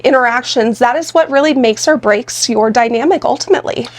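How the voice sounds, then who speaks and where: Woman, high voice, direct, explanatory, podcast co-host. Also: a little fast. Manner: explanatory, direct, gives examples. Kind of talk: casual conversational podcast talk.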